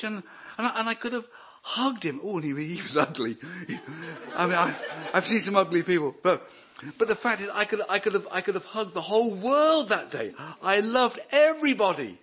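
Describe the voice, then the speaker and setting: With a high-pitched, husky voice at normal speed, a middle-aged Welshman delivers an animated sermon full of jokes, frequently starting his sentences over.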